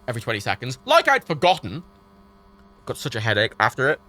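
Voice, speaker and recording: Young male streamer, high bright voice, rants in animated bursts, swears freely. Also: fairly quick. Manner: animated, exasperated ranting with swearing. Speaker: livestreamer. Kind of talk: casual stream chat while gaming.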